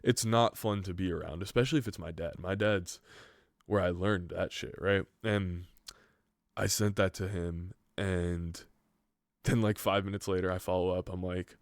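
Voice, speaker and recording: A man's voice: low-pitched, steady tone, moderate pace, no room sound, clean studio sound. A young man hosting a podcast, telling a rambling story in casual chat, swearing freely and saying "like" often. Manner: rambling, profane, heavy use of "like". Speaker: podcast host.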